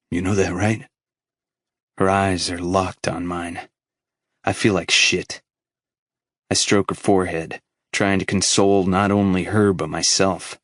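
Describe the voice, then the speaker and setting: A man's voice: low voice, fairly bright tone, no room sound, studio quality. A man narrating an audiobook in the first person, grave and emotional.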